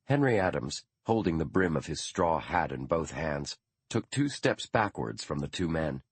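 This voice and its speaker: A man narrating an audiobook in a measured, even storytelling manner. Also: rumbling low, husky. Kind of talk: scripted narration.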